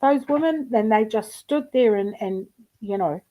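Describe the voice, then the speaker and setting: Higher-voiced woman telling rambling, profane stories. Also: measured pace, phone-quality sound. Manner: profane, rambling anecdotes with frequent laughter. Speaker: livestream host. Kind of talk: casual chat.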